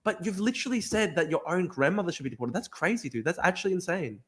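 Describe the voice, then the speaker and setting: A man with a high, quick voice argues in a heated debate, sounding exasperated. He keeps stammering, restarting his sentences and saying "dude". He is from Australia. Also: lively intonation. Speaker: podcast host.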